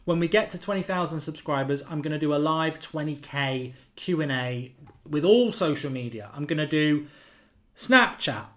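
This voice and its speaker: Chatty football fan on live stream. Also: male voice, a little high, moderate pace. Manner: animated, opinionated banter with fillers. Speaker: football fan channel host. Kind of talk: casual live-stream chat.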